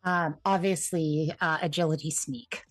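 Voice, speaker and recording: A woman's voice: sits low, fairly even intonation, unhurried, dry recording, faint music behind. A woman playing a tabletop game, casual and upbeat, often laughing. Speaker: player.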